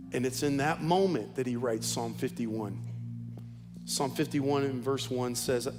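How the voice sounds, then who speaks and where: A man's voice: mid-range voice, a little slow. Male pastor preaching, repeats stuff for emphasis, big echoey church with music going underneath. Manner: emphatic storytelling with heavy repetition. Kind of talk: sermon. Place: church auditorium.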